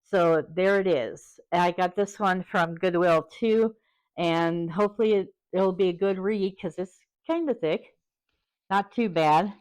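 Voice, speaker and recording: A woman vlogger talking candidly and hesitantly, pausing often and close to tears. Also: lowish voice, darkish tone. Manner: halting and hesitant, many pauses; openly vulnerable, close to tears. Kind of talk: candid personal vlog.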